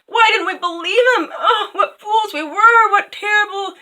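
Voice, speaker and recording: A woman voicing a crowd of grieving townsfolk, wailing in a high lament. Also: normal speed, bright, forceful tone.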